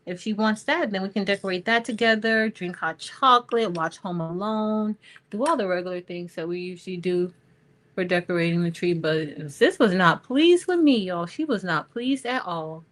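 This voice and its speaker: A woman's voice: medium pitch, normal speed, a bit bright. A middle-aged woman hosting a crafting livestream, chatting casually with viewers while she works. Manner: chatty, storytelling, talks to viewers as y'all.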